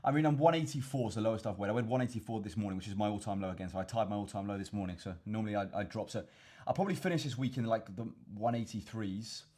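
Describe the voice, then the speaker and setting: Young English male fitness vlogger, rapid delivery, slightly husky voice, chatty rambling Q and A host. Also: lowish voice, a little mellow. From England. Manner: rambling, repeats words, addresses viewers as chaps. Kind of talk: casual Q and A to camera.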